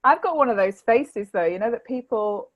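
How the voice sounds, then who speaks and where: A woman with a northern English accent, a podcast guest chatting casually, relaxed and loose with fillers. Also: on the high side, normal speed, lo-fi sound, slight background noise. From northern England. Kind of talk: casual chat.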